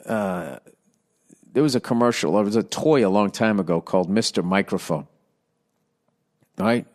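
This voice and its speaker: A man's voice: fairly low pitch, moderate pace. A middle-aged man hosting a podcast, ranting in a profane, rambling comedic monologue into a studio microphone and slipping into silly voices. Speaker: podcast host. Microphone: studio microphone with windscreen.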